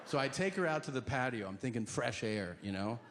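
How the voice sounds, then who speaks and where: A man's voice: mid-range voice, animated, brisk, heavy background noise. A man comedian telling a stand-up story, laughing through it as he goes. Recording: echoey room with loud ambience.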